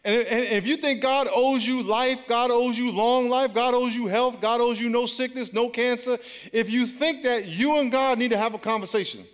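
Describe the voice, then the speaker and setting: A man's voice: very high voice, moderate pace, clear, resonant tone. A male pastor preaching an emphatic, repetitive sermon with call-and-response to his congregation. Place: large church auditorium. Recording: long church hall reverb.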